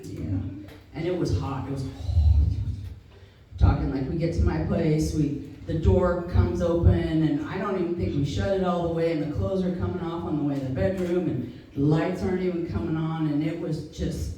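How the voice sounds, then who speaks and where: A woman's voice: low-pitched, steady tone, normal speed, dark tone. A woman in her fifties doing a stand-up comedy set, brash and profane with self-mocking punchlines. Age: 50s. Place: live comedy venue. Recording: distant mic in a reverberant room with audience noise. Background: audience laughter.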